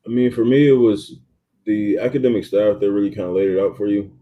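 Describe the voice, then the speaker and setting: A young man in his twenties, a college football player, giving relaxed interview answers full of ums and you-knows. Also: on the low side, a little fast, narrow, tinny audio. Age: 20s. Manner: laid-back, many ums and you-knows. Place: athletes' training facility.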